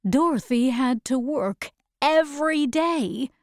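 A woman narrating a storybook in slow, clear, careful reading. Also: high voice, animated, no room sound, studio quality.

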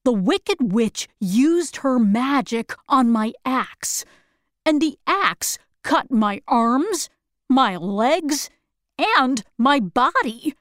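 A woman voicing a gentle, sad tin man who longs for a heart, telling his story in a soft, mournful way in a storybook reading. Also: sits high, animated, extremely slow, no room sound, studio quality, exaggerated voice. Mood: wistful.

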